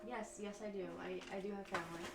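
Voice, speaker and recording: A woman's voice: medium pitch, fairly even intonation, fast, over music. A woman playing a tabletop game, asking questions to keep the group on track. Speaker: player. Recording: echoey and far from the mic.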